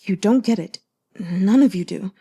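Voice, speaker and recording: A woman reading the part of a broken young man with a damaged mind, speaking in halting, stammering short sentences while choked up and near tears. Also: sits high, dark tone, breathy edge. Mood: tearful.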